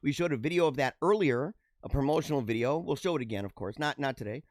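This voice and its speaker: A man hosting a casual livestream show, reading out viewer comments and chatting back in an animated way on a radio-style mic. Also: quick pace, no room sound, clean studio sound. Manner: animated, talks with feeling, drops pitch low for asides. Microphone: radio-style studio mic.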